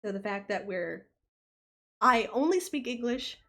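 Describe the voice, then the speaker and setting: A woman's voice: on the high side, expressive, unhurried, bright, forceful tone. A young American woman with a light Southern accent, chatting casually with her viewers on a livestream in a rambling way full of fillers. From United States.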